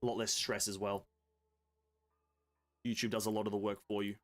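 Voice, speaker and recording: A man's voice: on the low side, flat delivery, moderate pace, a bit bright. A young man with an Australian accent, chatting casually and rambling with viewers while he streams a game. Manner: laid-back, rambling, swears casually. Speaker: gaming streamer.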